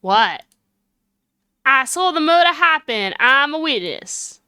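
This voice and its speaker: A woman's voice: high-pitched, big pitch swings, slow pace, bright, forceful tone, dry recording, clean studio sound, exaggerated voice. A woman voicing a brash, folksy woman photographer with a Southern accent, reading game dialogue aloud. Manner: drawling, homespun sayings.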